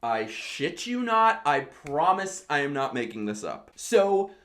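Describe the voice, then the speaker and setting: A tipsy woman hosting a drunk comedic movie recap, telling it in an animated way with lots of swearing and exclamations. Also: low-pitched, measured pace. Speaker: host.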